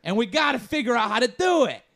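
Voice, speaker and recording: A man's voice: very high voice, big pitch swings, fast, a bit bright, voice pushed up, exaggerated voice. A man voicing a worried male cartoon roommate in a fretting, matter-of-fact way.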